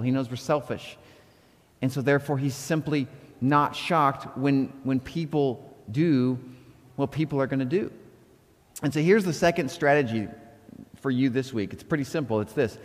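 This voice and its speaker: A man delivers a sermon in an easy, conversational storytelling way, now and then breaking into lively, animated outbursts. His voice sits at an ordinary middle pitch. The sound carries a long reverb, like a church hall. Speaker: pastor.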